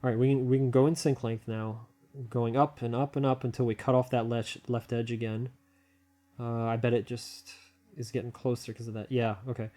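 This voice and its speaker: A man giving a casual hands-on tech walkthrough, thinking aloud and rambling with fillers and restarts, excitable and quick to laugh. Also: mid-range voice. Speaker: hobbyist video maker.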